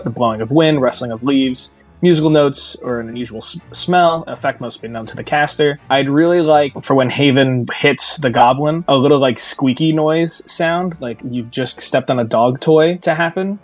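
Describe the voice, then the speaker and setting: A player in a tabletop game, eagerly explaining a spell plan. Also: medium pitch. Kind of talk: casual tabletop game play.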